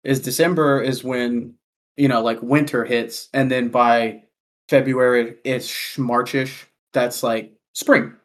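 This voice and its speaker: Kansas dude telling a wild story, swears a lot, says like constantly. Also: male voice, medium pitch, slow. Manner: profane, animated storytelling with many "like" fillers. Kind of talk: casual storytelling chat.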